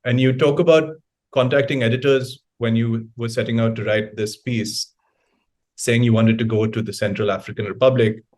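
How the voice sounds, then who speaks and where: A man's voice: mid-range voice, steady tone, moderate pace, darkish tone. A man moderating a festival panel, asking long questions with repeated words. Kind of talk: panel discussion.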